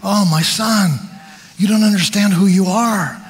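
A man voicing God as a tender father reassuring his son, in a gentle, consoling way. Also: high-pitched, steady tone, unhurried, long reverb tail.

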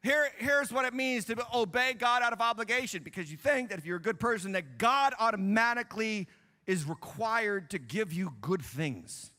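A bright, high-voiced man preaches a sermon from a church stage. He drops to hushed asides, then builds to loud, emphatic lines. His voice rings out with a long reverb through the hall. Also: expressive, normal speed. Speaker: pastor. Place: church sanctuary.

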